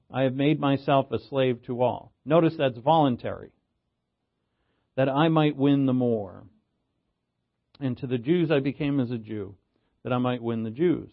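A man's voice: mid-range voice, unhurried, gravelly, phone-quality sound. A man teaching a Bible passage in a casual, conversational way, often checking in with "right?". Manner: conversational, frequent "right?" check-ins, restarts. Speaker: preacher.

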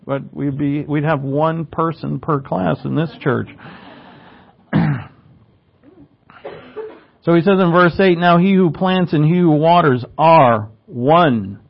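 A man's voice: a little high, slow, vocal fry, pauses often. Man preaching a teaching sermon, lo-fi. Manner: teaching, explains Greek words, asks rhetorical questions. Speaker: pastor.

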